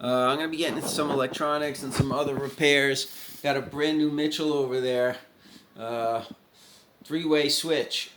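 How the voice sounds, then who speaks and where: A man's voice: medium pitch, steady tone, normal speed, background noise. A man chatting casually in a guitar repair vlog, rambling and folksy, thinking aloud as he goes.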